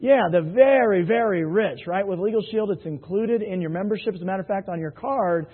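A man with a husky, raised voice spins anecdotes for a live audience and keeps checking in with "right?". The sound is thin and phone-like. It rings with a long hall reverb. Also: high-pitched, a little fast. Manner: jokey storyteller, keeps asking the crowd "right?". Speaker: sales presenter.

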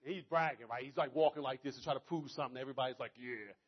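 A man giving a motivational speech to an audience, telling a story in an animated, conversational way. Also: medium pitch, very fast, husky, lo-fi sound. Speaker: motivational speaker.

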